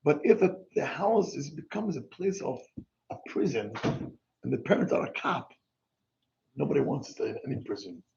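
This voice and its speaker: Animated rabbi preaching. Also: male voice, fairly high pitch, normal speed, vocal fry, pauses often. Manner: animated, emphatic, exclaiming, mixing in Hebrew words. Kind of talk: sermon. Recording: dull lo-fi recording.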